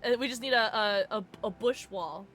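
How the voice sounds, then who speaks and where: Bright, giggly young woman streamer. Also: a little high, moderate pace, faint music behind. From Southern US. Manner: giggly, chatty, tries on silly accents. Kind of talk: live gameplay commentary.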